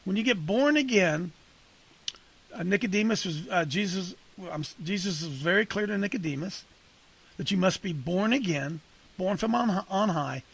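A man with a gravelly, somewhat husky voice leads a men's group like a casual preacher. He talks conversationally and punchily, turning to listeners by name. His pitch sits a little high for a man. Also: lively intonation, normal speed, fairly bright tone. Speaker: coach leading a men's ministry group.

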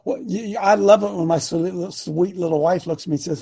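A man's voice: sits high, fast, gravelly, heavy background noise. A man in his sixties hosting a call-in talk show, folksy and preachy, acting out the voices he quotes. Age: 60s. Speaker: radio show host.

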